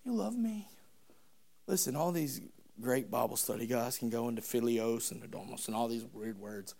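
A man preaching a sermon, telling the story in an animated, humorous, conversational way. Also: medium pitch, fairly quick, vocal fry.

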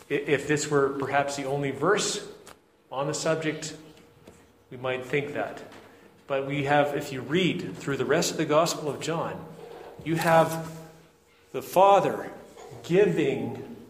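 A man's voice: a little high, slight background noise. Earnest preacher man in echoey hall. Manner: earnest and deliberate, with frequent restarts. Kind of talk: expository sermon. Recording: echoey hall with faint ambience.

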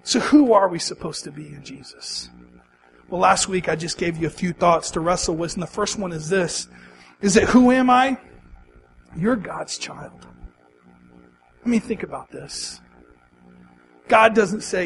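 High-voiced man preaching with passion. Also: measured pace, vocal fry, pauses often, fairly bright tone, faint music behind, low-quality recording. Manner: impassioned, repeats phrases for emphasis; talks to the congregation with questions and call-and-response. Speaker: pastor. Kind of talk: sermon.

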